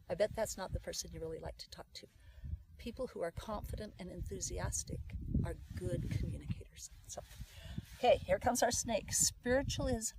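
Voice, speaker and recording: A middle-aged woman guest explaining something step by step in a casual talk, acting out quoted lines loudly. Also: medium pitch, animated, moderate pace, breathy edge. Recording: voice from some distance off the mic.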